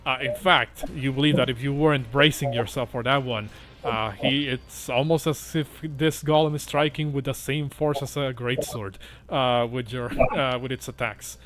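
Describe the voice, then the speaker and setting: A man narrating a tabletop game as its game master, pausing often to think. His voice sits at a middling pitch, and he talks in a halting, casual way. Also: steady tone, a bit bright, a little hiss or hum. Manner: halting, many "uh" fillers.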